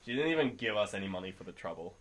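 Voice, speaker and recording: A brash, joking man at a tabletop game, swearing freely in a lower but bright voice. He talks loose and cocky. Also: expressive, very fast. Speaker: player. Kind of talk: casual tabletop play.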